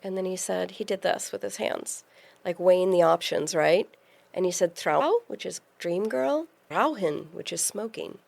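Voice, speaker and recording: A woman in her forties, a podcast guest, telling a lively personal story in casual conversation. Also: lowish voice, moderate pace, gravelly. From California. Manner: lively storyteller, acts out quoted voices.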